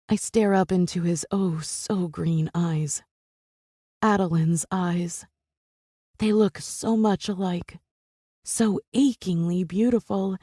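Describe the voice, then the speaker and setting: A woman's voice: on the low side, warm tone, no echo, studio quality. A woman narrating a first-person romance audiobook with intense, emotional delivery.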